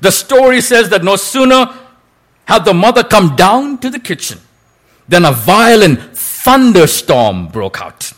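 A man's voice: sits high, very animated, measured pace, fairly bright tone. A male preacher telling a story in a sermon, with a dramatic delivery that draws out quoted lines.

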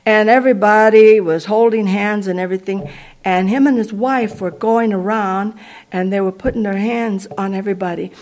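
A woman giving a personal testimony to a congregation, telling it as a lively, conversational story. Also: medium pitch, normal speed. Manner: animated, conversational storytelling with sound effects.

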